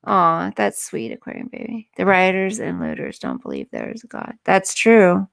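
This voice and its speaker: A woman's voice: on the low side, wildly swooping pitch, normal speed, creaky, clean tone. A woman hosting a live stream, chatting earnestly and emotionally with viewers and reading their comments.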